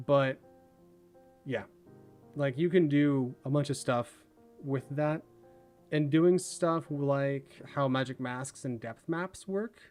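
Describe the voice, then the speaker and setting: A man hosting a livestream, chatting casually and rambling, his words running together when he talks fast. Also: medium pitch, a little mellow. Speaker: livestream host.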